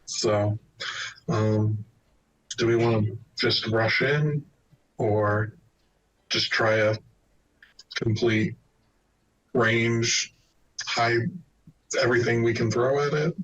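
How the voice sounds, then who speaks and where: A man playing a tabletop role-playing game, thinking things through slowly and hesitantly with many ums. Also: mid-range voice, steady tone, fairly bright tone, highs cut off. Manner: slow, thoughtful, hesitant with ums. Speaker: player. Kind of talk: casual tabletop game chat. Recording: distant mic with faint room noise.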